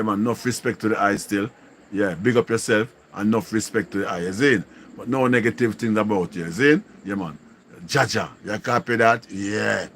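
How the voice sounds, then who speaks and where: A man's voice: lowish voice, fairly bright tone, slight background noise. A man with a Jamaican accent hosting a casual live stream, greeting viewers and repeating slangy catchphrases. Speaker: livestream host.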